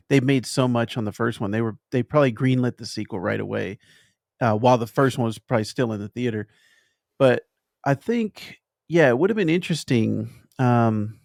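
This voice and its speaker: A man hosting a podcast, chatting casually through a film review and pausing thoughtfully to find his words. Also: medium pitch, creaky, a little mellow, no echo, studio quality. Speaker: podcast host.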